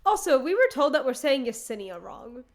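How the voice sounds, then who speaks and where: A woman's voice: sits high, sing-song, a little fast. A woman co-hosting a podcast, gushing with enthusiasm in a casual book discussion. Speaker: podcast co-host.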